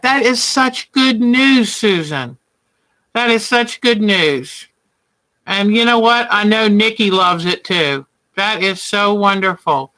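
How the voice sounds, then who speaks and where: Woman hosting a live quilting show, unhurried and chatty, bright tone, sweet-talks viewers. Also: on the low side. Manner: chatty, affectionate, calls viewers honey and hon. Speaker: quilting livestream host. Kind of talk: casual livestream chat while quilting.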